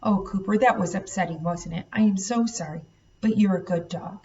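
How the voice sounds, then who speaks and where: A woman reading a novel aloud, voicing an older grandmother who speaks softly but firmly. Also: medium pitch, close to an everyday voice. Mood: gentle. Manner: soft, measured, reasoning. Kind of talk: audiobook read-aloud. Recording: dull, slightly distant recording.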